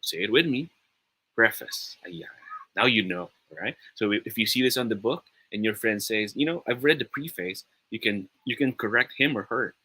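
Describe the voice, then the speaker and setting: Upbeat Filipino tutor, bright husky voice. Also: male voice, fairly low pitch, lively intonation, brisk, low-quality recording. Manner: upbeat, encouraging, mixes in Tagalog. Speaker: online tutor. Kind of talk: live online pronunciation lesson.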